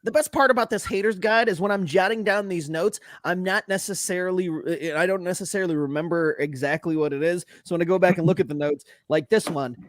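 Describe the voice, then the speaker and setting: A man co-hosts a casual sports podcast, sarcastically reading his notes aloud and mocking what he watched. His voice sits high and he speaks briskly with hardly any pauses. The recording is dry.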